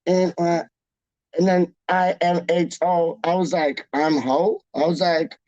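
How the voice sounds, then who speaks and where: A man hosting a live stream, chatting casually with his viewers in an animated, jokey way full of slang. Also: a little high, slow pace, no room sound, highs cut off. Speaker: livestream host reading chat. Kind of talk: casual chat.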